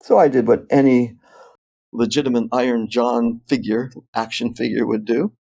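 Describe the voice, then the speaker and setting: An older man tells a personal story in a gravelly voice, with mid-range pitch. He speaks in an animated, anecdotal way and laughs often. He is a guest on an interview show. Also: moderate pace. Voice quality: animated, laughs often while telling stories.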